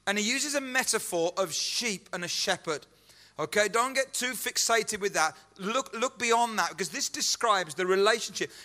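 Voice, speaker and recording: A pastor preaches an earnest sermon at normal speed, driving his point home with repeated lines and rhetorical questions. His high voice is bright and forceful, ringing with the long echo of a church hall.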